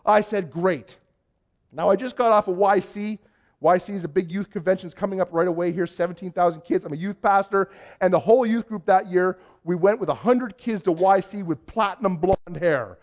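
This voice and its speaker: A Canadian youth pastor telling a story in a sermon, acting out the voices of the people in it. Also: male voice, sits high, fairly quick. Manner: animated storyteller, acts out quoted voices.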